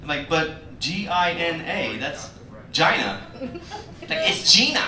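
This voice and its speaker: A high-voiced comedian delivers an animated stand-up set at a measured pace, imitating the voices of the people in his stories. Recorded in an echoey comedy club with a distant mic, the set draws loud laughter from the crowd.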